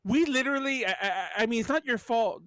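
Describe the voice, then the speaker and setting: A man's voice: very high voice, brisk, a bit bright, no room sound. A man playing in a tabletop role-play game, playful and speaking in character. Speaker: player.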